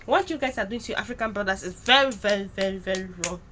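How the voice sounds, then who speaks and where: A woman's voice: medium pitch, fast talker, bright, forceful tone, a little hiss or hum. A woman vlogger talking straight to her viewers, direct and scolding. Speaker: YouTube commentator. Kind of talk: vlog commentary to viewers.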